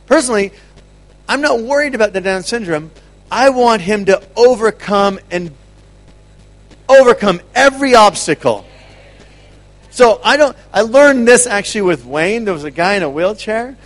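High-voiced animated man preaching. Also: moderate pace. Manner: animated, laughs often, repeats words. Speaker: ministry speaker. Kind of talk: energetic teaching talk.

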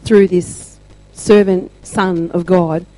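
A woman shares a testimony in a mellow, warm voice. She paces it slowly and leans on pauses for emphasis. The sound is dry and close. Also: fairly low pitch, fairly even intonation, dry recording, faint music behind, low-quality recording. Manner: slow, deliberate storytelling with emphatic pauses. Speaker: church member sharing testimony. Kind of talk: testimony sharing.

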